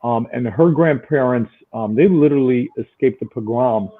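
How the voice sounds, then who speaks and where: Chatty guest, man from Buffalo, middle pitch, animated storyteller, phone-line audio. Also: normal speed. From Buffalo, New York. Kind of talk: storytelling in casual chat.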